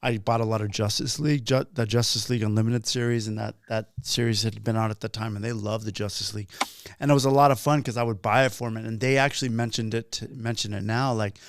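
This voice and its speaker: A man's voice: on the low side, steady tone, fast talker, clear, resonant tone, dry recording. A man hosting a casual podcast chat, rambling with many restarts and fillers. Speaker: podcast host.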